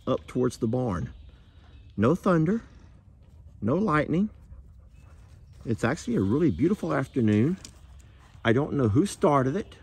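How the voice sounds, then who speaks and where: A man's voice: medium pitch, slightly rough. A man talking through a casual farm vlog outdoors, chatting with his animals. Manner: chatty, talks softly to the animals. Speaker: farm vlogger.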